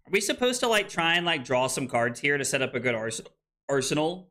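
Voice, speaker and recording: A man's voice: a little high, big pitch swings, a little fast, pushed and bright. A man casually commentating his own card game on a live stream, frustrated and swearing, with hiccups and something stuck in his throat.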